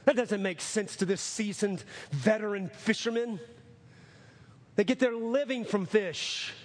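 A man preaching a sermon, building from steady teaching to impassioned calls, repeating phrases for emphasis. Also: sits high, measured pace. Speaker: pastor.

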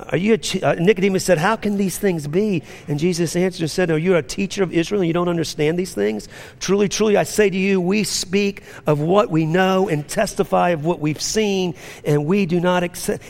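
A man preaching a sermon as pastor to a congregation, swinging between fervent rising lines and hushed, low-key storytelling. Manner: preaching with rising intensity and drops to a near-hush. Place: church.

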